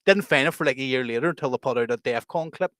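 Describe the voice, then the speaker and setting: A man's voice: medium pitch, quick pace, fairly bright tone, no echo. A young man with a Northern Irish accent, co-hosting a casual podcast, telling stories with lots of swearing and laughter. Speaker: co-host.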